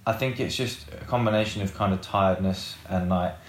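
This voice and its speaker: A man's voice: deep voice, fairly quick, a little hiss or hum. A man, a rock guitarist being interviewed, who rambles casually with lots of fillers and swearing. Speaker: guest, rock band guitarist. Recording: roomy echoey room.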